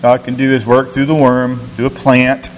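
A man's voice: mid-range voice, little pitch movement, normal speed. A man preaching a sermon, teaching through a scripture passage with rhetorical questions and frequent restarts. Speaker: pastor. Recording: echoey hall, faint hiss.

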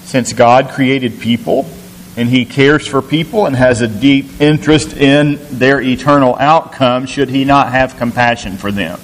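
The sermon comes from a pastor with a medium-pitched, somewhat slow voice, teaching a scripture passage. Rhetorical questions and frequent restarts fill it, and the audio carries hall echo and faint hiss.

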